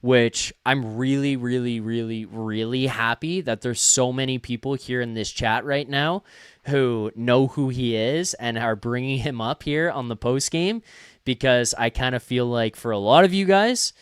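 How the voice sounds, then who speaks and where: A man's voice: mid-range voice, measured pace, clean tone, no echo, clean studio sound. Rambling young male stream host. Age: young adult. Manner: rambling, self-deprecating, with fillers. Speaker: host of a hockey postgame call-in show. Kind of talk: casual live-stream talk.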